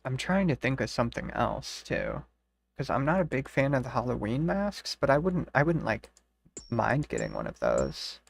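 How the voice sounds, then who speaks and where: Gravelly, monotone streamer. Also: mid-range voice, moderate pace. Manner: rambling, profane, talks to chat. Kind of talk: casual live-stream chat.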